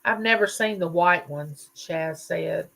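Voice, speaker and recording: A middle-aged woman hosts a livestream in a chatty, folksy style, casually reading viewer comments aloud. Her voice is on the low side and a bit bright, with vocal fry, and she speaks at a slow pace.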